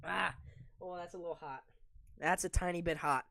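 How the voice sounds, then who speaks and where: A man calling hockey play-by-play on a live reaction stream, excitable, with groans and laughs between calls. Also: high-pitched, normal speed, creaky, long pauses. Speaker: streamer commentator.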